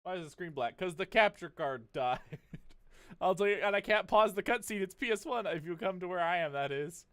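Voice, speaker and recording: A man's voice: high-pitched, animated, brisk, a bit bright. Goofy young man streaming a game. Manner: goofy, laughs often. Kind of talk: casual gameplay commentary.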